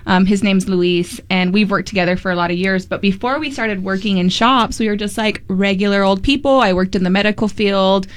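A woman tattoo artist telling stories as a guest in a relaxed group chat. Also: medium pitch, fairly quick, hardly any pauses, clean tone, no room sound.

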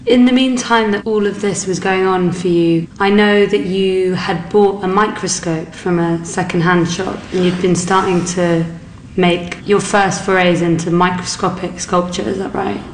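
A woman interviewing a guest, asking gentle prompting questions. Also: medium pitch, steady tone, moderate pace, echoey room, slight background noise.

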